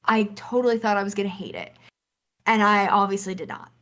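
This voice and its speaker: A young woman co-hosting a gaming podcast, telling a lively story and acting out the lines. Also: mid-range voice, a little fast. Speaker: podcast co-host. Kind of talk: casual chat.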